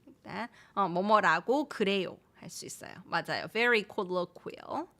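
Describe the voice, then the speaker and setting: A woman's voice: mid-range voice, racing, pushed and bright. A woman teaching phrases in a live stream, mixing English explanations with examples and reading out viewer names. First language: Korean. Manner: mixes English and Korean, repeats example phrases; reads viewer names and comments aloud. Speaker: Korean language teacher. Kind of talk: live-streamed language lesson.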